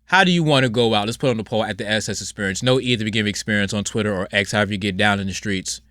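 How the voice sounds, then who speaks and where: A man hosting a casual solo podcast, talking bluntly and rambling, with his voice swinging from loud outbursts to low mutters. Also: racing, no echo, clean studio sound. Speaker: podcast host.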